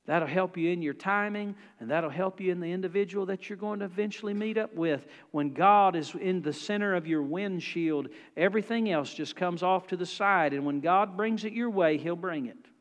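Male pastor, folksy animated sermon, long echoing sanctuary. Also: high-pitched, normal speed, hardly any pauses, lo-fi sound.

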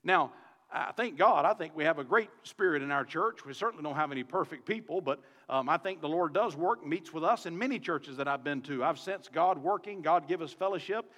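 A man's voice: on the high side, animated, brisk, fairly bright tone, long reverb tail. A man with a Southern US accent, a pastor preaching a sermon on a microphone in his church, talking to the congregation in a conversational way with many rhetorical questions. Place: church sanctuary.

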